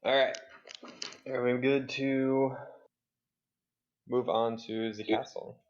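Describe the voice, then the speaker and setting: A man's voice: medium pitch, flat delivery, slow pace, dull audio, a little hiss or hum. A man running a tabletop game as game master, with laid-back, hesitant narration over a voice call.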